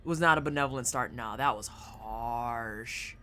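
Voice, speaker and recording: A streamer plays a game and chats with viewers, speaking at normal speed in a pushed, bright voice. His commentary is casual, profane, and talkative, and he breaks into high-pitched silly voices.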